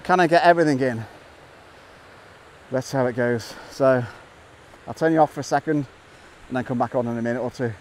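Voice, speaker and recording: A middle-aged man, a nature photographer, narrating an outdoor vlog by a waterfall in a valley, excitable and bursting into wows as he explains his photo compositions. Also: mid-range voice, fairly quick, pauses often, slight background noise.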